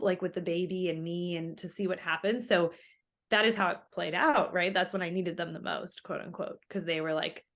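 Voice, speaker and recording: A woman's voice: fairly low pitch, fairly bright tone. A young woman telling her story as an interview guest in a casual, chatty way, full of fillers and quoted remarks.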